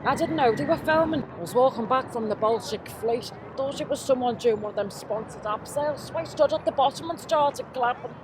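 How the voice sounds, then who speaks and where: A woman's voice: sits high, a little fast, hardly any pauses, lightly acted. A woman playing a chatty, rambling Liverpool woman with a shopping trolley, who keeps butting in with her own stories during a comedy sketch on a city street. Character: gossipy Scouse woman pushing a shopping trolley. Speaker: comic presenter. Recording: outdoor street with traffic noise.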